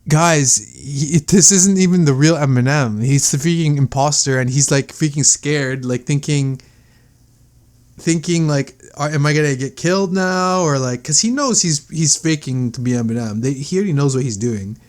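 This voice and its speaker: A man's voice: medium pitch, moderate pace, darkish tone, no room sound. A man giving rambling casual commentary over video clips, full of fillers and restarts.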